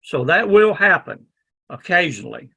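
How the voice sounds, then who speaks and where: A man's voice: sits high, sing-song, moderate pace, gravelly, sharp tone, breathy edge. A man with a Southern US accent teaching a ham radio licensing class in a folksy, rambling way, often checking in with "okay?". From Southern United States. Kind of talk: classroom lecture.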